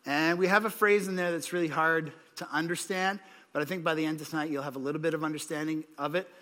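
A man with a slightly high, steady voice speaks fast, his delivery pushed and bright. He's giving an evening sermon in a church hall, keeping it casual and conversational, restarting often and tossing in "right?" asides. The hall adds a long reverb.

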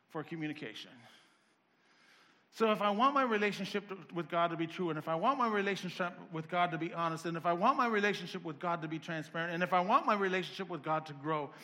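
A man preaching a sermon, firing off rapid rhetorical questions and building to a fervent intensity, with the occasional self-deprecating aside. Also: high voice, bright, forceful tone.

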